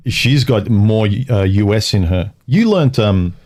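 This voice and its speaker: Aussie guy hosting a livestream, lowish mellow voice, rambles and restarts a lot. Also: animated, slow. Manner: rambling, restarts phrases, thinks aloud. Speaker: livestream host. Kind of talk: casual livestream chat.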